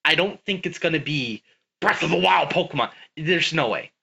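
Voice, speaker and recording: Lively bright-voiced man chatting. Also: fairly high pitch, moderate pace, creaky, slightly rough. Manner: animated, swears casually. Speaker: podcast co-host. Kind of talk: casual gaming chat.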